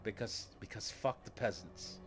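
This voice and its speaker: A man voicing a haughty upper-class gentleman who sneers at the working class, in a game stream. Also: fairly low pitch, normal speed, faint music behind, close to an everyday voice. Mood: sneering.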